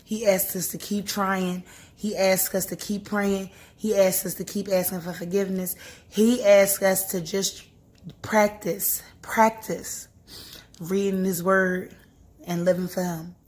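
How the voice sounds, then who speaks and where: A woman's voice: medium pitch, flat delivery, a little slow, a little mellow. A young woman vlogging to camera, talking earnestly and encouragingly about faith and grief, with frequent laughs. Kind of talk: casual heartfelt talk to camera.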